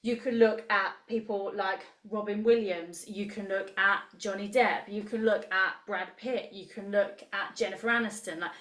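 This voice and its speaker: A woman's voice: medium pitch, steady tone, moderate pace, hardly any pauses, a bit bright. A woman in her thirties coaching a live online group, chatty and enthusiastic as she reacts to the chat. Her voice sits in a middle range. The room around her carries a noticeable echo. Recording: roomy echo.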